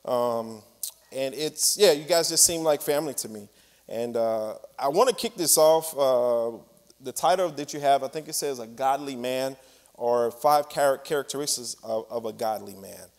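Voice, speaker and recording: A man from Mississippi with a Southern twang, a guest speaker giving a chatty, relaxed sermon. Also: mid-range voice, normal speed. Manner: relaxed, chatty with laughs and fillers. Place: large church hall. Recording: hall reverb from a church stage.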